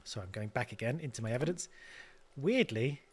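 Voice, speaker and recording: Brief: let's-play host, mid-pitch, mulling things over out loud. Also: male voice, animated, brisk, husky. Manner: thinking aloud, stammers through repeats. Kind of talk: casual game commentary.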